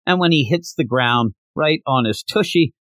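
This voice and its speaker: A man's voice: a little high, lively intonation, normal speed, a bit bright, no echo. A man hosting a podcast, chatting animatedly as he retells a manga chapter. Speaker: podcast host. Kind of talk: casual recap of a manga chapter.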